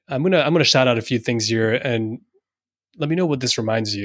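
A man from France co-hosting a podcast in casual chat, laughing often and quick with asides. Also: mid-range voice, no echo, studio quality. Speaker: podcast co-host.

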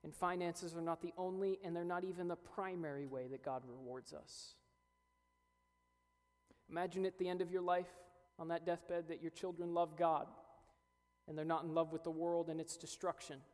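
A man's voice: on the high side, fairly even intonation, normal speed, darkish tone. A young man preaching a sermon as a pastor, earnest and building to emphatic peaks. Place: church hall. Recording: reverberant hall with faint music.

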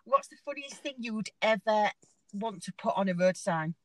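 A woman's voice: medium pitch, expressive, moderate pace, dry recording, low-quality recording. A woman with a Hull accent who pronounces her H's, co-hosting a podcast with eager, repetitive chatter. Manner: enthusiastic, repeats herself. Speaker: podcast co-host. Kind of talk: casual chat.

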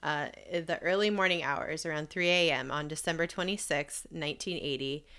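A woman with a low, bright voice leads a relaxed podcast conversation, explaining events and laughing readily when she trips over names. Her tone stays loose and friendly. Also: normal speed, clean tone. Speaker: podcast co-host. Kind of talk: casual storytelling chat.

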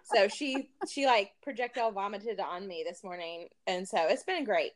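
A woman's voice: medium pitch, moderate pace, over a noisy crowd. Chatty woman telling a story. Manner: animated storyteller, acts out quotes, laughs often. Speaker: podcast co-host. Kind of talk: casual chat.

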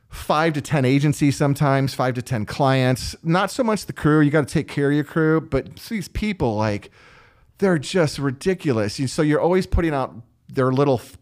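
An animated man who tells stories in a loose, conversational way. His voice sits at an ordinary middle pitch, and he often breaks into the voices of the people he describes. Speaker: line producer guest. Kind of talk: casual storytelling interview.

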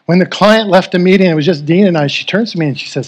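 A middle-aged pastor with a high voice preaches fast, with few pauses, telling a personal story and leading prayer. His delivery is earnest and emotional, building to fervent.

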